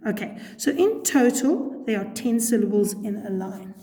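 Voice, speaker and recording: Slow-talking woman teacher, echoey room. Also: medium pitch, expressive, warm tone. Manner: patient, step-by-step explaining with frequent "okay". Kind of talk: recorded poetry lesson. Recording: echoey room with long reverb.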